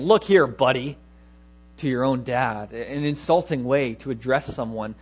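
A man's voice: medium pitch, husky, muffled recording. A man preaching a sermon, emphatic, repeating key words and asking rhetorical questions.

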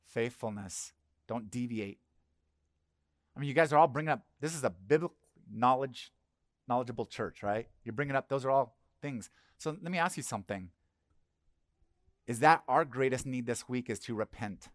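A man's voice: medium pitch, moderate pace, pauses often, no room sound, clean studio sound. A middle-aged male pastor giving a conversational sermon and asking the congregation questions.

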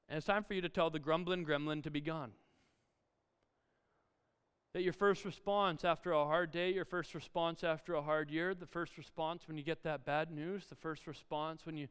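A man preaching a sermon as pastor, with loud build-ups broken by quiet asides. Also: on the high side, smooth. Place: church auditorium. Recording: live church sound with long reverb and faint music.

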